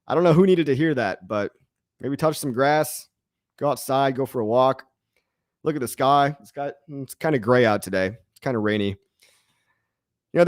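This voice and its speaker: A man's voice: medium pitch, no room sound, clean studio sound. A man hosting a casual crypto live stream, reading chat comments and rambling with jokes and the odd swear word.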